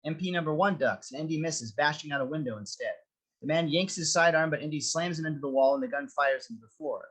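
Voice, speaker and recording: A man narrating a script reading, with a steady, descriptive reading of the stage directions. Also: fairly high pitch, fast talker, slightly rough, low-quality recording.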